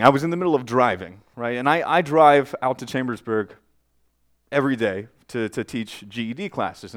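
Young male pastor, chatty and self-deprecating, mid-pitched, preaching into a church mic. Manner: conversational, self-deprecating, joking asides. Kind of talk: casual sermon with prayer. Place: church sanctuary. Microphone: microphone with feedback.

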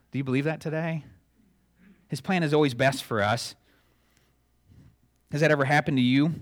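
A man's voice: on the high side, normal speed, long pauses. A middle-aged male pastor giving a conversational sermon, acting out little dialogues and chuckling at his own asides.

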